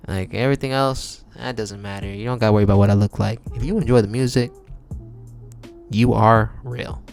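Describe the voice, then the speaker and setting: A man's voice: lowish voice, fairly even intonation, a little fast, vocal fry, darkish tone, soft background music. A man hosting his own podcast, talking in a laid-back, chatty way with slang and frequent laughs. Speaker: podcast host and singer. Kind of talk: casual solo podcast monologue.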